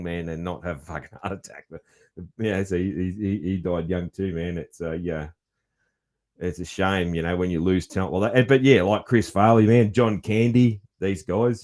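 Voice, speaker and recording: A man's voice: low voice, moderate pace, a little mellow. A middle-aged Australian man hosting a podcast, chatting casually and swearing freely. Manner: laid-back, swears often, says man a lot. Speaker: podcast host. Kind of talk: casual chat.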